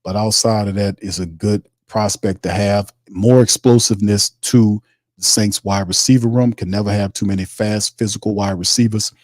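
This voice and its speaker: A man's voice: fairly low pitch, fairly even intonation, moderate pace, a little mellow, no echo, studio quality. A man hosting a live sports stream, casually reading viewer comments aloud and breaking down draft picks in slangy chat. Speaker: host.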